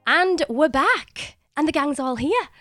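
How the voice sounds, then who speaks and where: A woman's voice: high-pitched, lively intonation, slow pace, a bit bright, no room sound, faint music behind. Bubbly woman hosting a podcast. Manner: bubbly, chatty, laughs often. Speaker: podcast host. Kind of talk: casual chat podcast.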